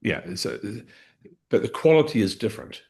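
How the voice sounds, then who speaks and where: A man's voice: fairly low pitch, very animated, moderate pace, vocal fry, a little mellow. A man coaching a live training session, explaining step by step, restarting phrases and checking in with "okay?".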